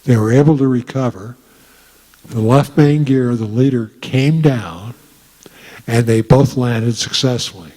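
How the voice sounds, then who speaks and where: An older man, a retired Marine officer, telling folksy stories to a room with many pauses and fillers. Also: mid-range voice, warm tone. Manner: folksy storytelling, frequent "uh" pauses. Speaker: guest speaker. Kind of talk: casual talk to an audience. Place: meeting room. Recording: reverberant hall.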